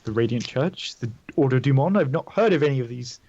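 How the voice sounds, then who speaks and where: A man's voice: mid-range voice, lively intonation, quick pace, dark tone, slightly rough, highs cut off. A man voicing a stern, suspicious knight who speaks in formal, archaic words. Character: stern suspicious male knight guarding a road.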